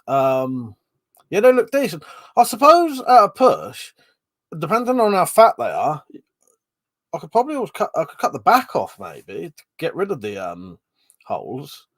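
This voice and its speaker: Breathless streamer, loose and chatty, average pitch. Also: male voice. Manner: chatty, swearing, reads chat aloud and rambles. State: short of breath, yawning. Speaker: live stream host. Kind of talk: casual chat.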